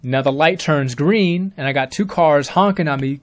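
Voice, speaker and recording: A man's voice: on the high side, normal speed, few pauses. A young man telling his own story in a plain, casual way, with ums along the way. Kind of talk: first-person spoken story.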